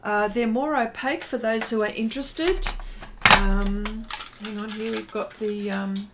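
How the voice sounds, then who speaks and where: Woman, art stream host, rambling chatty talk, lots of ums, mid-pitched voice. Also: steady tone, a little slow, heavy background noise. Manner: chatty and rambling, many fillers and restarts; greets viewers by name. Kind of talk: casual livestream chat.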